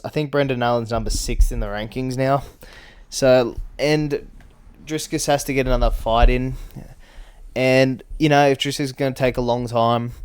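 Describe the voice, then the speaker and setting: A man's voice: mid-range voice, clean tone. A man hosting his own vlog, rambling through casual chat about fights, swearing often and laughing between points. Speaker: MMA commentary vlogger.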